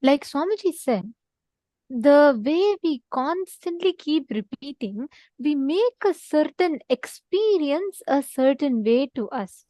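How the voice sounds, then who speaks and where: Woman, high voice, dry close sound, earnest spiritual teacher who repeats her points. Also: animated, takes it slowly, mellow, no echo. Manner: earnest, repeats for emphasis, asks listeners to respond. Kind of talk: online teaching session with a story.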